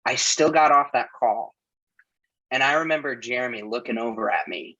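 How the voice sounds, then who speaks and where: Guest, male coach, candid and emotional, bright tense voice, muffled lo-fi sound. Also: mid-range voice, moderate pace. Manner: open, emotional storytelling. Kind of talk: casual chat.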